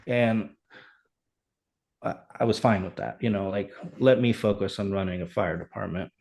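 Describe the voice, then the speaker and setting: A middle-aged man, a fire chief, telling his story in an animated, earnest way as a podcast guest. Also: fairly low pitch, normal speed, vocal fry. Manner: animated, earnest, reenacts dialogue. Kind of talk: conversational storytelling.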